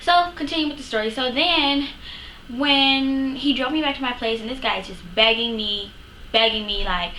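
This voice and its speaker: A woman vlogger chatting to her camera, retelling a story in a lively, casual way with plenty of fillers. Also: high-pitched, moderate pace. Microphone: camera mic. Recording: echoey room, faint background noise.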